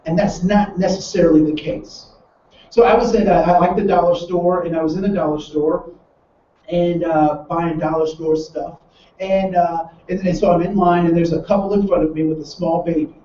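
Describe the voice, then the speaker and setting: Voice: medium pitch, moderate pace, slight background noise. A trainer in front of a live group, telling a story and voicing the people in it, often restarting mid-phrase. The sound is caught from far across a roomy, echoing space. The recording is muffled and lo-fi, with faint ambience underneath. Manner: animated storyteller who acts out the people in the story; many restarts and repeated words. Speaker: diversity workshop trainer. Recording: roomy echo from far off, dull and lo-fi.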